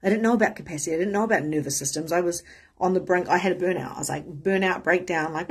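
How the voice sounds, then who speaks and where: A woman's voice: lowish voice, quick pace, husky. A woman giving a candid, casual motivational talk as a spiritual coach, swearing freely and acting out the voices of people she quotes.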